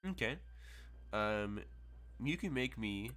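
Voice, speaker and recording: A man's voice: on the low side, animated, takes it slowly, fairly bright tone. A man narrating as game master, rambling with many fillers and chuckles.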